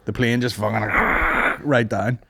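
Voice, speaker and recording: A man's voice: medium pitch, slow pace, gravelly, bright, forceful tone, dry recording. A young man co-hosting a podcast, bantering crudely in casual comedy chat. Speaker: podcast co-host.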